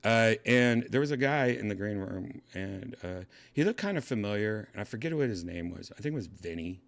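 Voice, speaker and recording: Male host, low voice, animated pitch, rambling storyteller. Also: a little fast, creaky. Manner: rambling, self-interrupting, mimics others in high voices. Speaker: podcast host. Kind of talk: casual storytelling monologue.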